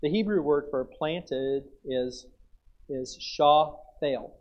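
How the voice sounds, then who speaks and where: Man, preacher, folksy sermon, slightly high pitch, muffled recording. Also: slow pace. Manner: folksy, acts out chewing sounds.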